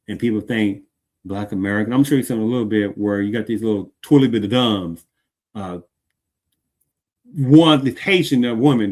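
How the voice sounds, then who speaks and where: A man's voice: fairly low pitch, darkish tone. Emphatic male show host. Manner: emphatic, keeps asking "Do you understand?". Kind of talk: heated commentary.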